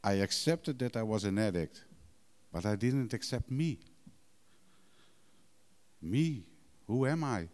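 A man's voice: on the low side, lively intonation, slow pace, long pauses, a little mellow. A middle-aged man candidly telling his recovery story in broken English, blunt and emotional, swearing freely. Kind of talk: candid personal testimony. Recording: long hall reverb.

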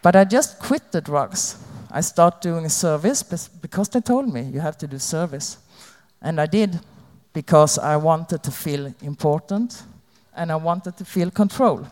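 A woman giving a candid, halting personal testimony about her recovery to an audience. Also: low-pitched, expressive, a little mellow. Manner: halting, candid, plain-spoken. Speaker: recovering addict sharing her story. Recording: long hall reverb.

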